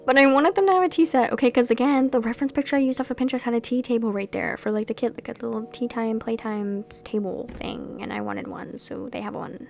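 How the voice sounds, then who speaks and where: A young woman chatting casually over her gameplay, rambling from one thought to the next with animated asides. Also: a little high, fast, hardly any pauses. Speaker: Sims gameplay creator.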